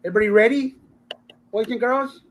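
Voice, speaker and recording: A man's voice: extremely high pitch, steady tone, a little fast, fairly bright tone, a little hiss or hum, poor audio. Congested man running a live comic auction. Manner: loose, joking, throat-clearing. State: congested from a sinus infection. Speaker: auction seller.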